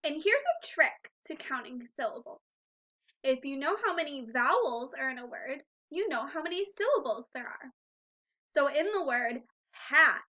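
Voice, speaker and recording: A woman with a high, bright voice leads a recorded phonics lesson for first graders. She speaks slowly and patiently, encouraging the children as she goes. The recording sounds a bit dull and lo-fi. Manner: slow, patient, encouraging teacher talk to young children.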